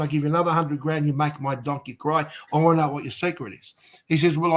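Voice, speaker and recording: An Australian man tells a rambling pub joke, pausing on little fillers as he goes. His voice sits a touch higher than most men's. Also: a bit bright. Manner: yarn-spinning storyteller, hesitant fillers. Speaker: panel regular.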